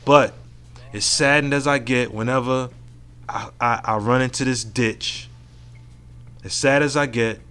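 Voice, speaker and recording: A man hosting his own podcast by himself, speaking at a middle pitch. He is frank and reflective and swears freely, as if talking into a home mic. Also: a bit bright. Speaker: podcast host. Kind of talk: casual solo podcast monologue.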